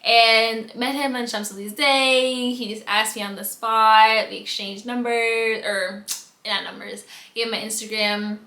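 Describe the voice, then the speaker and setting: Her voice is slightly high and a bit slow as this US vlogger animatedly recounts embarrassing moments for her casual storytime vlog. She acts out how she reacted, swinging her voice widely, and the room has a noticeable echo.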